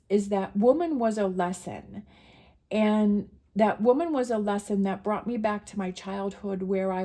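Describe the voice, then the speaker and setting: A woman's voice: medium pitch, dark tone. A middle-aged woman telling a personal story in a casual, emotional, rambling way, with many restarts. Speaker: tarot reader sharing a personal story.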